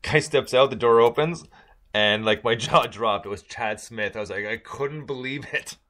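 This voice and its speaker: A man's voice: mid-range voice, moderate pace, a bit bright. A man from Michigan telling a casual story on a podcast, rambling with many fillers and restarts.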